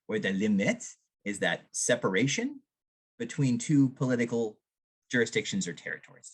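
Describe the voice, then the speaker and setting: A man from Vermont giving a public history lecture on archaeology, animated and often checking in with the audience. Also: medium pitch, normal speed, slightly rough. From Vermont, USA. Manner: animated, often ends with a questioning "right?".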